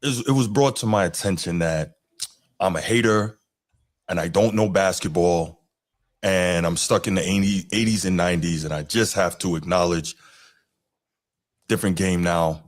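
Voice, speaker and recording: A man's voice: deep voice, moderate pace, long pauses. Laid-back man with a sarcastic podcast delivery. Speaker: podcast co-host. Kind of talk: casual sports podcast banter.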